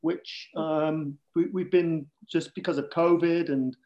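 A man's voice: on the high side, fairly even intonation, slow pace, dark tone, dull audio. A middle-aged man with a Manchester accent, a podcast co-host chatting as a guest in a joking, talkative way. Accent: Northern English, Manchester. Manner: chatty, joking, self-deprecating. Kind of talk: casual chat.

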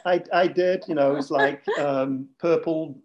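A man's voice: on the high side, steady tone, a little slow, a little mellow, highs cut off. A middle-aged man with a Manchester accent, a podcast co-host chatting as a guest in a joking, talkative way. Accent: Northern English, Manchester. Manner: chatty, joking, self-deprecating. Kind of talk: casual chat.

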